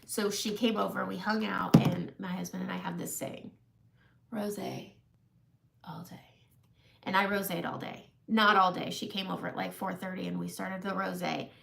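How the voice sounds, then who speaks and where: A woman in her forties with a lowish, creaky voice talks fairly quickly on a makeup live stream, her tone level, pushed and bright, with few pauses. She tells a long funny story, chatty and laughing, often mocking herself along the way.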